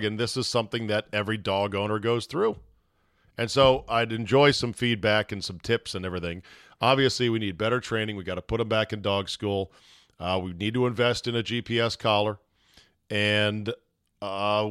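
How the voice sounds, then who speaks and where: A middle-aged man hosting a podcast, telling a story in a casual, animated way, swearing now and then and acting out his own yelling. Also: fairly low pitch, no room sound, clean studio sound. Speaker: podcast host.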